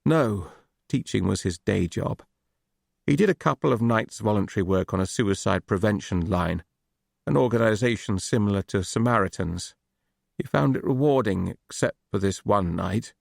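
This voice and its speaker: A man's voice: on the low side, expressive, normal speed, vocal fry, no room sound, clean studio sound, exaggerated voice. A man voicing a grieving male dentist who speaks in a shaky, hesitant voice in an audiobook. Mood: shaken.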